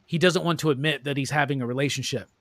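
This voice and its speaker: A man's voice: mid-range voice, quick pace, a bit bright, dry recording. A man hosting a casual movie review chat, loose and profane, acting out lines in joking voices. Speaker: host.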